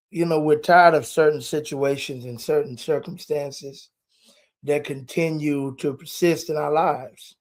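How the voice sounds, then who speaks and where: A man's voice: a little high, darkish tone. A man preaching live from a hotel room, stretching key words for emphasis and dropping folksy asides. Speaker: preacher and podcast host. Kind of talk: live-streamed sermon. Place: hotel room while traveling.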